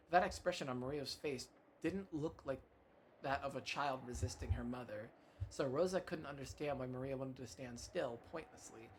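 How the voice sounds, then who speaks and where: A man's voice: medium pitch, slight background noise. A man streaming himself reading a visual novel aloud, narrating with small slips and self-corrections. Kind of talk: dramatic reading of game text.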